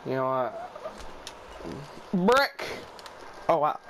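A young man commentating his own basketball video game play, swearing a lot, shouting when shots go in and muttering low between them. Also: sing-song, extremely slow, slight background noise. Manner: loud, profane, hyped shouting at plays, then low muttering. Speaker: gaming YouTuber. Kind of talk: excited gameplay commentary.

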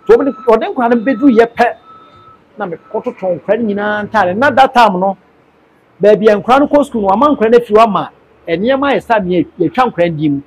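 A man being interviewed, earnestly telling a personal story in a measured way. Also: high-pitched, lively intonation, husky.

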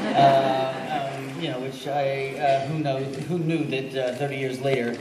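A man's voice: medium pitch, flat delivery, moderate pace, few pauses. A man, an actor, telling a wry story on a convention panel. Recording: echoey room, loud noise.

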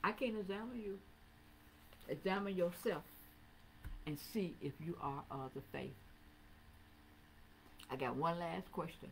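A woman pastor preaching a sermon in a church, rising into sing-song repeated calls and dropping low to talk plainly with the congregation. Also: measured pace, pauses often, a little hiss or hum, low-quality recording. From Southern United States. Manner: preaching with swelling, sing-song emphasis and repetition. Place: church sanctuary, also streamed online.

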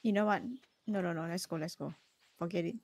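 A young woman guesting on a gaming stream, chatting excitedly and reacting quickly as she plays. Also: fairly low pitch, no room sound. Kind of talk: casual gaming chat.

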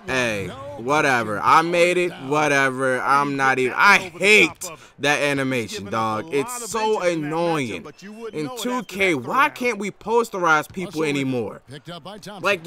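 A young man commentating his own basketball video game, loud and exasperated, yelling and swearing at the players. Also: a little high. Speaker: gaming YouTuber. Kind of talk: live gameplay commentary. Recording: game music behind the voice. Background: game music and basketball commentary.

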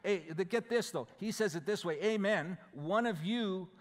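A man preaching in a church, walking through scripture verse by verse in a plain, conversational way. His voice sits a little high for a man, and the sound trails off in the long reverb of the sanctuary. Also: lively intonation, moderate pace. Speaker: pastor. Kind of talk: sermon.

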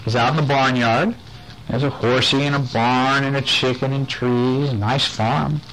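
A man's voice: mid-range voice, fairly even intonation, a little slow, a bit bright, a little hiss or hum, low-quality recording. A man reading bedtime stories aloud to a child, playful and chatty, stopping to talk about the pictures.

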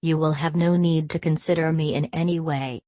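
A woman's voice: low voice, fairly even intonation, moderate pace, dark tone, dry recording, lightly acted. Woman reading as anxious, insistent clerk K. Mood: reassuring.

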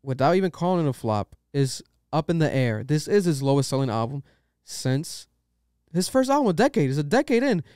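Brief: young male podcast host, opinionated rambling rants, smooth clear voice, dry close sound. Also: a little high, big pitch swings, brisk, dark tone, dry recording. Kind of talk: casual podcast chat.

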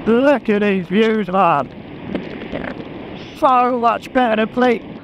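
A man chatting excitedly to a helmet camera while riding a motorbike, laughing often. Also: high-pitched, takes it slowly, noisy background. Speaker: motorcycle vlogger. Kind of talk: casual chat while riding. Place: on a motorbike on open country roads. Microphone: helmet-mounted action camera.

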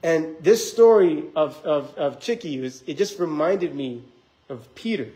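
Young male preacher, slightly high voice, loose and rambling delivery, acts out quoted voices in a church sermon. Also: animated, measured pace, warm tone, low-quality recording. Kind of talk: casual sermon with scripture reading.

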